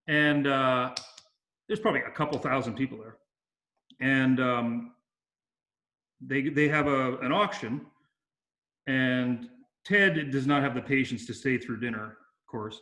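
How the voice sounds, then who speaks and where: A man's voice: medium pitch, pushed and bright, roomy sound. A man being interviewed, casually telling long anecdotes with many fillers and restarts. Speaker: interview guest. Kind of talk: casual storytelling.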